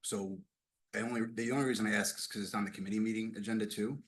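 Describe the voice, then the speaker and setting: A man asking quick procedural questions at a city council meeting. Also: lowish voice, fairly even intonation.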